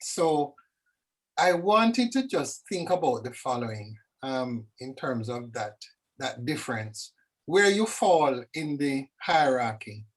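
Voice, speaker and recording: Woman, discussion guest; animated, reflective, dramatic asides; video call. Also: extremely low pitch, slow pace, husky. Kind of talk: reflective conversation.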